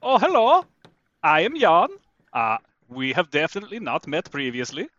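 A man's voice: on the high side, huge pitch swings, normal speed, fairly bright tone, no echo, dull audio, voice pushed up. A man voicing Jan, an eager, overly polite young male sailor, in a tabletop game.

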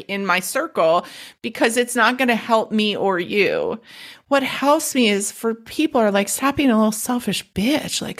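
A woman co-hosting a casual recovery talk, blunt and profane, telling stories with animated quoted voices. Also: mid-range voice. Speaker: podcast co-host.

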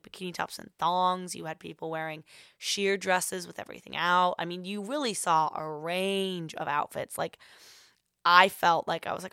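A woman's voice: fairly low pitch, creaky, sharp tone, clear, resonant tone, no echo, studio quality. A young woman hosting a podcast who tells a rambling, casual story, full of filler words. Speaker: podcast host.

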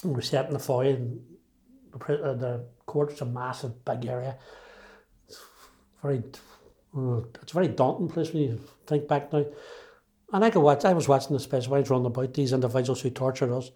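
Man in his sixties, Derry accent, mellow dark voice, emphatic, restarts often. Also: medium pitch, steady tone, fairly quick. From Northern Ireland. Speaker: interviewee. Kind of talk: personal storytelling.

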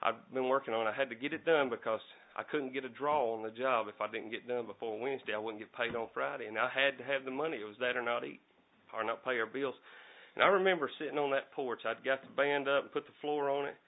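A man's voice: mid-range voice, fairly even intonation, quick pace. A middle-aged man preaching a folksy storytelling sermon, repeating and restarting his words. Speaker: lay preacher. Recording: tinny phone-like recording.

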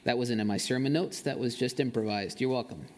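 A man's voice: medium pitch, fairly quick, a little hiss or hum. A man preaching a sermon as pastor of a church, reading scripture, leading a prayer and talking in a conversational way with playful asides. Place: church sanctuary.

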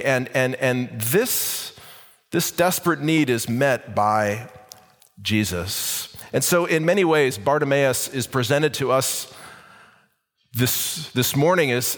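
Male pastor, mid-pitched, chatty sermon full of "uh"s, echoing sanctuary. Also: a bit bright. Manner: conversational preaching with many fillers and restarts.

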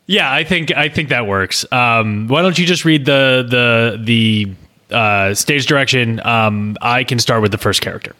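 A man's voice: mid-range voice, a little slow. A man rambling and stammering through a comedic script read-through chat. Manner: rambling, stammering, earnest deadpan. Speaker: co-host, script writer.

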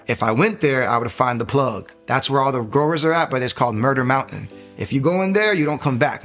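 A young man shares his life story on a podcast in loose, everyday talk, full of restarts and quick asides. His pitch sits in an ordinary middle range, and faint music plays quietly under his voice. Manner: animated storytelling, rises when reliving the moment. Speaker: podcast guest. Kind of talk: testimony in casual talk.

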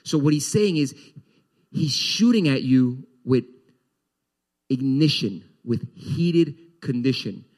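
A male pastor preaching a sermon to his congregation, animated, his voice rising and dropping as he explains scripture. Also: mid-range voice, takes it slowly. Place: church.

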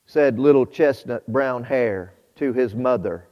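A man preaching a sermon, shifting between quiet storytelling and loud, fervent exhortation to his congregation. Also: mid-range voice, unhurried, few pauses. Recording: muffled hall with long reverb.

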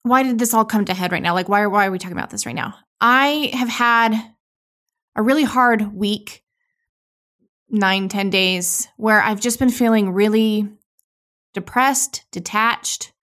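A woman in her thirties hosting a podcast, talking candidly and emotionally in a raw, halting way with frequent restarts. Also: mid-range voice, animated, a bit bright. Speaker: podcast host. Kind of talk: candid solo podcast monologue.

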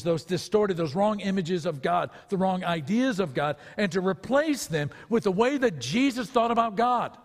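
A man delivers a sermon from the pulpit in a fairly high, clear voice. He speaks earnestly and presses his listeners with rhetorical questions. The sound hangs in a reverberant sanctuary. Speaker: pastor.

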